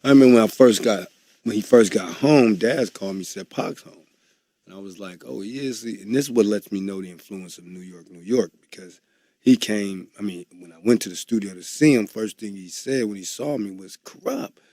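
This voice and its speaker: A man's voice: lowish voice, brisk, dry recording, studio quality. A man being interviewed, telling anecdotes and acting out the voices of the people in them. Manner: animated, acts out quoted voices. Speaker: interview guest. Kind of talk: anecdotal storytelling.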